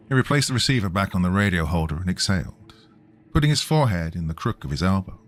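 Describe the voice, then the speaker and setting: A man reading a scripted horror story in a measured, grave manner. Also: sits low, sing-song. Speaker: narrator.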